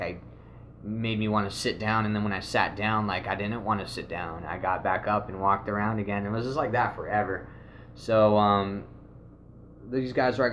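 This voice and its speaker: A man casually telling a rambling, animated story, swearing often and acting out what people said. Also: lowish voice, slight background noise. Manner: rambling, animated, swears a lot, acts out quotes. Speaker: video host.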